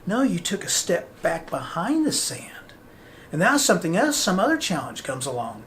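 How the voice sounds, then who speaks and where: A man's voice: on the high side, moderate pace, slight background noise. A man hosting a podcast, giving a motivational talk and acting out the voices he quotes. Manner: animated, acts out quoted voices. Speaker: podcast host.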